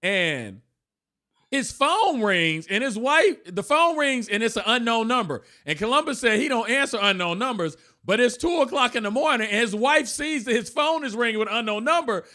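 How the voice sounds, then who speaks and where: A man co-hosting a casual gossip podcast, telling stories in an animated way and acting out the people in them. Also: very high voice, moderate pace. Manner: animated storyteller acting out voices. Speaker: podcast co-host.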